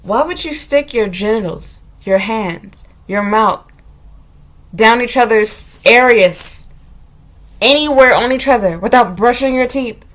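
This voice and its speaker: A woman's voice: a little high, unhurried, fairly bright tone. A woman from the United States, talking bluntly and profanely in a casual vlog monologue. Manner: blunt, profane, candid storytelling. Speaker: vlogger.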